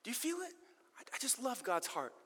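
A middle-aged man preaching a sermon to a live church audience, swinging from loud emphatic bursts to quiet, intimate asides and joking at his own expense. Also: very high voice, fairly quick, slightly rough. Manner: animated, self-deprecating, shifts between loud emphasis and quiet intimacy. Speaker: pastor. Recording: reverberant large hall.

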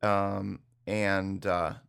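Laid-back man with a lowish voice. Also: level tone, extremely slow, vocal fry, a bit bright, clean tone. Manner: laid-back, laughs often, says dude and like. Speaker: podcast co-host. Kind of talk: casual chat.

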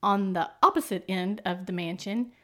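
Animated woman chatting with her co-host. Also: mid-range voice, moderate pace. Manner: animated, acts out quotes with emphasis. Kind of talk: casual chat recapping a dating show.

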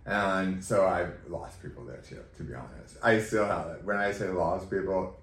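A man guest on a podcast, candidly telling a personal story in an emotional, animated way and acting out quoted dialogue. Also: low voice, normal speed. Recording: roomy echo, faint background noise.

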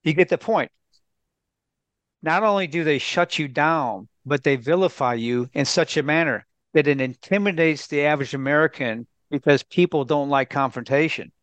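A man's voice: on the high side, moderate pace, fairly bright tone, no echo. A man, a guest commentator on a talk radio show, making his case in an emphatic, lecturing way and ticking off points in lists.

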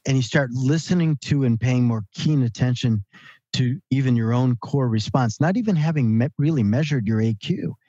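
A man's voice: mid-range voice, moderate pace, slightly rough, no echo. A man in his late fifties, a guest author on an interview podcast, telling stories with animation and acting out the dialogue he quotes. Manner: animated storyteller who acts out quoted dialogue. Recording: slightly dull, dry sound.

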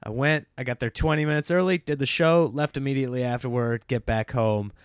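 A man, a stand-up comedian, telling a casual story in a rambling way, with lots of fillers and excited restarts. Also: mid-range voice, fairly quick, smooth, no room sound, studio quality.

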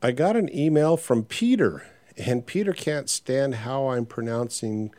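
A man's voice: medium pitch, expressive, unhurried, warm tone, no echo. An older man hosting a podcast, talking in a frank, rambling way with many filler sounds. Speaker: podcast host. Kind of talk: casual podcast monologue.

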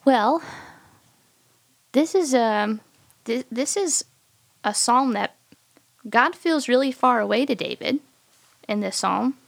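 Woman, pastor, podcast discussion, halting, searching, gravelly, dry sound. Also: fairly high pitch, lively intonation, no room sound.

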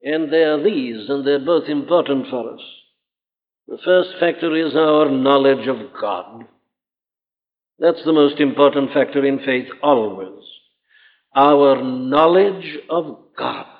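A man's voice: mid-range voice, slow pace. A man preaching a sermon, earnest and emphatic, his voice climbing sharply when he presses a point. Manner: earnest, emphatic, rising to exclamations. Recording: tinny phone-like old hall recording with long reverb.

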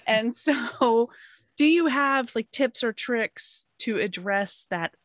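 A woman's voice: fairly high pitch, animated, takes it slowly, a bit bright, dry recording. A woman hosting a casual podcast chat, asking candid, self-reflective questions.

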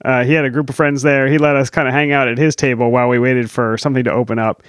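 A man's voice: mid-range voice, level tone, quick pace, no room sound, clean studio sound. A man co-hosting a podcast, chatting casually and laughing easily. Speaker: podcast co-host. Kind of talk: casual chat.

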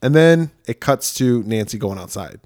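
A man co-hosting a podcast, casually recapping a film and acting out characters in high falsetto voices. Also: lively intonation, normal speed, a little mellow, dry recording, studio quality. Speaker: podcast co-host.

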